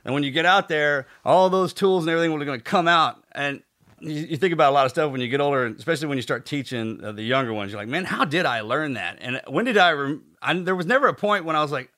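A man's voice: on the high side, lively intonation, quick pace, pushed and bright. A man hosting a podcast, musing in casual chat and laughing between his rambling thoughts. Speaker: podcast host.

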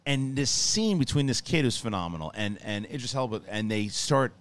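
A man hosting a casual film review, talking excitedly with profanity and many restarts. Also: mid-range voice, moderate pace.

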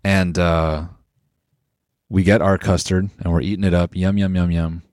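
A man with a somewhat low voice, trading crude, ironic jokes on a comedy podcast. His sound is dry and close on a studio mic. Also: flat delivery, measured pace, darkish tone, no echo. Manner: jokey, crude, ironic self-mockery. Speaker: podcast co-host. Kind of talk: casual comedic chat.

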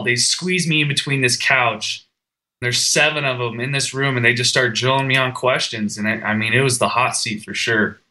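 A young man recounts his own story with feeling, stumbling and restarting as he goes. His voice is strikingly bright and forward, sitting at an ordinary pitch. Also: poor audio. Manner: earnest, emotional storytelling with restarts. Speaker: guest, firefighter. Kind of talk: personal story in a podcast conversation.

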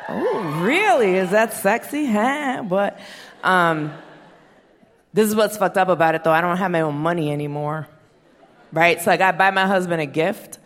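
A woman in her thirties doing a profane, deadpan stand-up set, acting out quotes in her stories. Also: fairly low pitch, normal speed, long pauses. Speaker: stand-up comedian. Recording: long reverb of a performance hall.

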